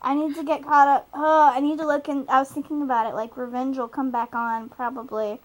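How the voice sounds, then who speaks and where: On a low-quality recording, a young adult woman with a high-pitched, level voice talks fairly quickly. She's a co-host of a casual podcast about a TV show, recapping an episode with plenty of rambling, laughter, and filler words.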